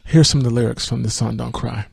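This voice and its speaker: Male podcast host, gravelly voice, dry close sound, casual music review with lyrics read aloud. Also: mid-range voice, quick pace, no echo. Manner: relaxed, thinking aloud with fillers and restarts.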